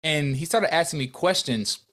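A man's voice: on the high side, expressive, normal speed, fairly bright tone. A young adult man, a podcast guest and business owner, telling a heartfelt story in an earnest, emotional way, full of restarts and quoted dialogue.

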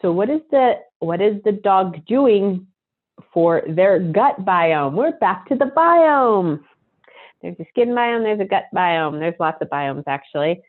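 A middle-aged woman giving a chatty talk on dog behavior, now and then murmuring repeated clearing phrases quickly and low. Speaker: animal behavior consultant. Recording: tinny phone-like line.

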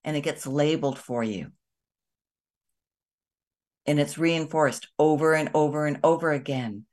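Hosting a kindness and energy show, this woman talks reflectively to her viewers in a lower-pitched voice. Her manner is gentle and conversational, dotted with softly emphatic asides.

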